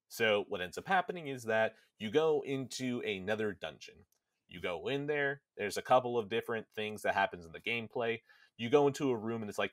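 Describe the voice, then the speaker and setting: A man with a low voice recaps a video game's story for his podcast, casual and animated, acting out bits of dialogue as he goes. The sound is dry and close. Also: no room sound. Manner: animated storytelling, slips quickly into character quotes. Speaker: podcast host. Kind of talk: casual spoilercast retelling of a game story.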